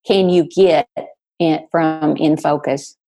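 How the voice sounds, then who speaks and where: Slow, mellow-voiced woman asking a question. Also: sits low, fairly even intonation. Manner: hesitant, searching for words. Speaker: webinar attendee asking a question.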